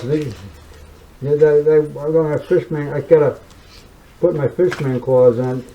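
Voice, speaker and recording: A man's voice: on the high side, fairly even intonation, measured pace, long pauses, lo-fi sound. A man, a horror movie maker as guest, chatting casually and showing props, rambling with frequent stammered repeats.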